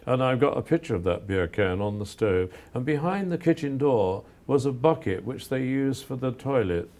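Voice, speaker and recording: Older male photographer from England, gravelly and mellow, earnest and reflective. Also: mid-range voice, expressive. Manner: earnest, measured, with frequent restarts. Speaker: photographer guest. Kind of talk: reflective interview answers.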